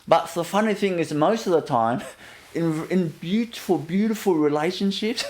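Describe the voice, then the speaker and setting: A man giving a gentle inspirational talk as a spiritual teacher, often laughing softly and leaning on "you know" as he repeats himself. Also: fairly high pitch, animated, moderate pace. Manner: repetitive, fills with "you know".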